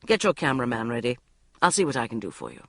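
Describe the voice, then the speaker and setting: A woman's voice: extremely low pitch, big pitch swings, fast talker, dry recording, pitched below the performer's own voice, exaggerated voice. A woman voicing a cool, dry-witted male barrister who speaks icily and casually. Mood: amused. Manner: icy, casual, teasing.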